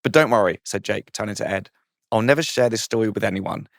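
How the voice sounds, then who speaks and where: A man's voice: lowish voice, quick pace, vocal fry, no echo, clean studio sound. A man, a comedian, reading out his saucy comic story with a playful manner, often laughing at his own jokes.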